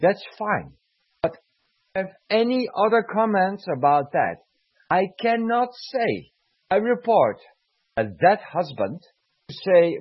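Taking it slowly and pausing often, a former army sergeant on as a guest rants heatedly, swearing and repeating himself for emphasis. His high-pitched, slightly rough voice swings widely in pitch, recorded with no echo but in dull lo-fi quality.

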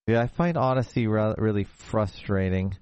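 A man hosting a show, talking casually over a video call in a halting way, often restarting his sentences. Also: fairly low pitch, darkish tone, smooth, no room sound. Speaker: show host.

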